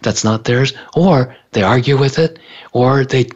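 A man's voice: mid-range voice, measured pace, slightly rough. A man teaching in a casual talk, acting out people's inner voices as he explains. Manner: animated, acts out inner voices. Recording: dull lo-fi sound.

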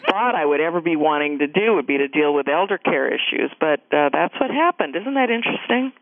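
A middle-aged woman, a guest author and caregiver, telling her story in a radio interview with emphatic, animated delivery and acted-out quotes. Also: deep voice, brisk. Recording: dry tinny phone line.

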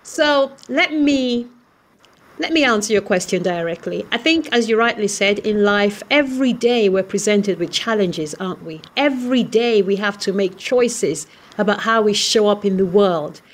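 A woman guest on a podcast, reflecting in a measured, thoughtful way on personal challenges. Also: mid-range voice. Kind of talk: reflective personal story in conversation.

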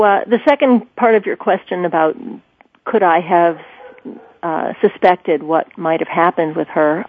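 A woman guest in an interview, recalling a story with animated swings in pitch. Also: husky, no room sound. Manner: animated, pitch leaps when quoting herself. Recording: tinny phone line.

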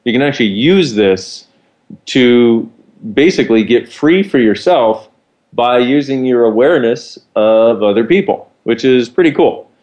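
A man's voice: medium pitch, lively intonation, unhurried, darkish tone, muffled recording. A man co-hosting, explaining ideas in a casual, rambling teaching chat. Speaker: co-host.

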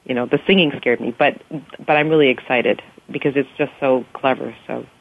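A woman's voice: a bass voice, fairly even intonation, fairly quick, gravelly. A woman actress talking about her work in a casual interview, gushing and enthusiastic, often restarting her sentences. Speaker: actress guest. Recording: tinny phone line.

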